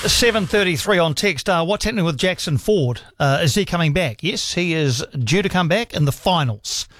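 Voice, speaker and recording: Enthusiastic Kiwi talkback host. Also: male voice, moderate pace, a little hiss or hum. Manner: enthusiastic, warmly encouraging callers, rising pitch when excited. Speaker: radio sports talkback host. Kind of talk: sports talkback radio. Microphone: studio mic.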